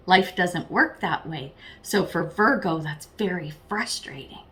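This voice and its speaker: A woman's voice: lowish voice, lively intonation, unhurried, hardly any pauses, fairly bright tone. A woman giving a casual tarot reading straight to her viewers, chatty and frank, swearing freely and tossing in self-deprecating asides. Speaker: tarot reader.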